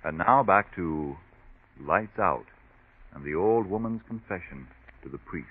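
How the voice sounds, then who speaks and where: A male announcer delivering smooth, persuasive, scripted radio announcements and an ad. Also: sits low, lively intonation, a little slow. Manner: smooth, persuasive, formal address. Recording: tinny scratchy old radio broadcast.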